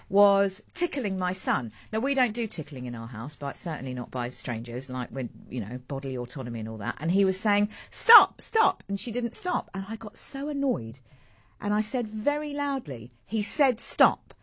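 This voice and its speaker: A woman hosting a live morning radio show, chatty and digressive with animated asides, in a studio. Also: lowish voice. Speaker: radio host. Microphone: studio microphone.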